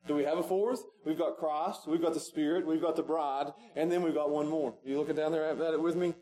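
A male pastor preaching a sermon in a church sanctuary, repeating his pleas with passion and swinging from loud pleading to hushed. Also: on the high side, fairly even intonation, brisk, low-quality recording.

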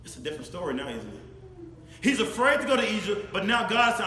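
A man preaching a sermon, speaking straight to his congregation, swinging from shouted emphasis to low, quiet asides. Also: fast. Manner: animated, addresses congregation directly, rises to shouts then drops low. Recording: echoey hall with faint ambience.

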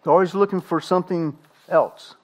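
This middle-aged man, a pastor, preaches with emphasis, letting dramatic pauses hang and posing rhetorical questions. He speaks in a high register with fairly even intonation, captured on lo-fi audio.

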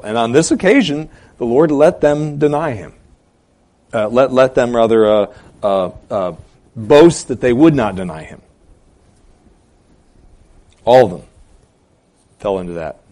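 Emphatic male pastor preaching. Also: lowish voice. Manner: emphatic, swinging between loud stresses and quiet asides; hesitant fillers between phrases. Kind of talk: sermon.

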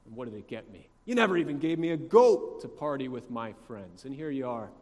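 A preacher acting out a seething, bitter elder brother. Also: male voice, mid-range voice, fast talker, a little mellow, natural voice. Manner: seething, indignant complaining. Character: bitter resentful elder brother, grown man.

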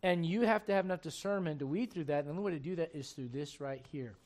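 A man's voice: a little high, quick pace, darkish tone. A man preaching a sermon, emphatic and full of questions to the congregation, reading scripture aloud in old-fashioned wording. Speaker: pastor.

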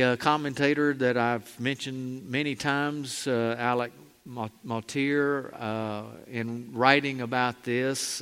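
A man preaching a sermon as pastor, earnest and emphatic, slowing down on key phrases with frequent "uh" fillers. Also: mid-range voice, fairly bright tone, smooth. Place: church sanctuary. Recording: hall reverb.

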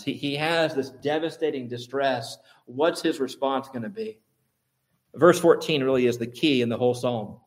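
A man preaching a sermon, asking his listeners rhetorical questions and building to emphatic, louder peaks. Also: mid-range voice.

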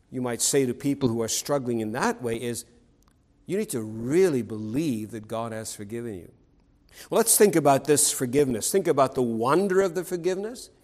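A man's voice: mid-range voice, darkish tone, rough recording. Man, preacher, sermon, earnest, emphatic, restarts phrases.

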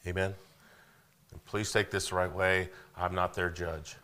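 A man's voice: low-pitched, little pitch movement, unhurried, bright, forceful tone. A man, preaching a sermon as pastor in a conversational way, asking the congregation questions and rising into emphatic bursts.

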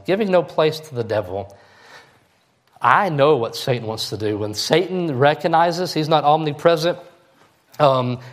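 A man delivers a sermon as pastor. His voice sits in an ordinary middle pitch, and he preaches in a folksy, conversational way, often checking in with the congregation. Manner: folksy, conversational preaching with frequent "all right?" check-ins.

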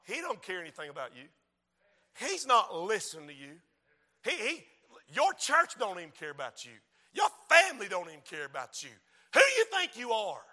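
A man's voice: high-pitched, wildly swooping pitch, moderate pace, sharp tone, in a large hall, heavily acted. A preacher voicing an accusing male devil who mocks and belittles his listener. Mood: taunting. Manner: mocking, belittling taunts.

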